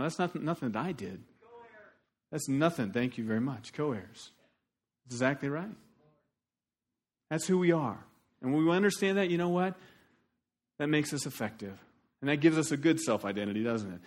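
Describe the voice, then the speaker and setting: A man preaching a sermon as pastor, animated and shifting between loud emphasis and quiet asides. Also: medium pitch, normal speed, pauses often.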